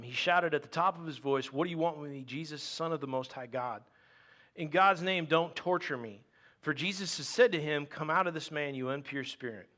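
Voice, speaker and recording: A man's voice: fairly high pitch, sharp tone. A man preaching a conversational sermon as pastor, reading scripture aloud and breaking off into playful, joking asides.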